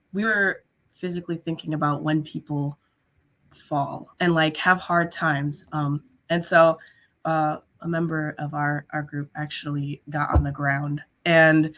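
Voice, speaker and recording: A choir singer explains their group's choreography gently over a video call, with the odd soft laugh. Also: mid-range voice. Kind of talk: casual reflective explanation.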